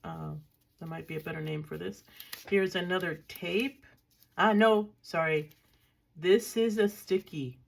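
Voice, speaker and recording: A woman's voice: fairly low pitch, steady tone, measured pace, creaky. An older woman casually chatting through her washi tape collection, thinking aloud with dry, self-mocking remarks. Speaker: craft vlogger. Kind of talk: casual crafting show-and-tell.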